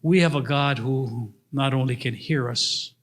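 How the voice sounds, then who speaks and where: An older man preaching a sermon to his church, telling stories and acting out the voices in them. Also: a little slow. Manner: storytelling with acted-out voices and big pitch swings. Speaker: pastor. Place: church sanctuary. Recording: long hall reverb.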